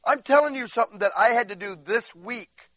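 A man preaching a sermon, emphatic, going from quiet asides to crying, shouting peaks, and speaking while in constant bodily pain. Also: very high-pitched, fairly quick, dry recording. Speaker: pastor.

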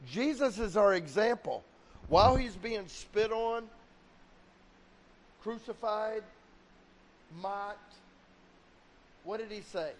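A man delivering a sermon as pastor, his voice sitting high for a man. He slips into quoted voices as he preaches, and a long reverb rings behind him in a big hall. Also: expressive, slow pace, pauses often, a little hiss or hum. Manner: preaching with acted-out quotes of God and people.

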